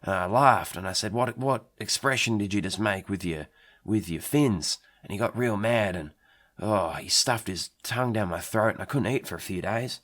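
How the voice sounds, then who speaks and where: A man playing a rambling, swearing Australian bloke who tells an absurd story in a deadpan way, with an Australian accent. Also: fairly low pitch, moderate pace. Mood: deflated. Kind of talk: absurd comic monologue.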